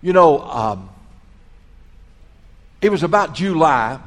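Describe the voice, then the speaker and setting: A middle-aged pastor delivers a sermon. His voice sits a little high and swells on the key phrases. It rings out with the long echo of a large hall. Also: animated, takes it slowly. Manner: earnest, storytelling preacher, swells in volume on key phrases. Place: large hall, school auditorium.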